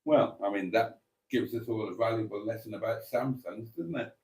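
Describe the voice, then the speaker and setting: A man's voice: fairly low pitch, moderate pace, darkish tone. A man hosting a livestream, casually reading viewer comments aloud in a chatty, amused way. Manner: chatty, amused, laughs often. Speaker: livestream host.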